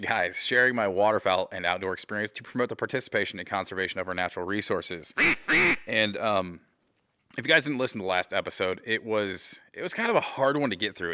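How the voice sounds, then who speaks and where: A man's voice: on the low side, pushed and bright, no room sound, studio quality. A man from the Midwestern US hosting a casual podcast from his garage, rambling and joking at his own expense and calling his listeners "guys" over and over. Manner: joking, self-deprecating, repeats "guys" often. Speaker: podcast host. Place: home garage. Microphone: camera mic.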